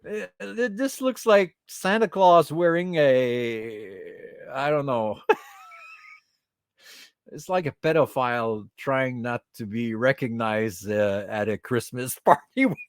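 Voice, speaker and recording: A man hosting a casual toy podcast, teasing each figure and breaking into giggles. His pitch swings widely while he keeps an unhurried pace. The sound is dry and close, and he drops into French here and there. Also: animated, clean tone, dry recording. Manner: mocking, giggles between remarks; switches into French at times. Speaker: podcast host. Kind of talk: casual toy collection chat.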